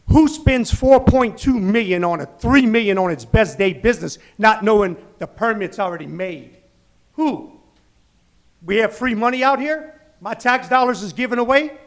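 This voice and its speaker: A man speaking angrily at a council meeting's public comment, shaking with indignation. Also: sits high. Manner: angry, indignant, rising to loud outbursts. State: shaking with anger. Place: council chamber.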